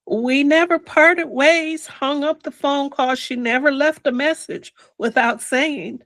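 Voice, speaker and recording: Slow-spoken older woman, reflective. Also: high voice, dry recording, rough recording. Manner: slow and reflective, drops to a whisper on quoted words. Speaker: interview guest. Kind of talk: personal storytelling in an interview.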